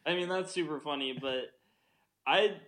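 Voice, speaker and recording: A man's voice: on the high side, normal speed, a bit bright. A young man co-hosting a podcast, chatting casually about a film, rambling with lots of fillers and frequent laughter. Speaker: podcast co-host.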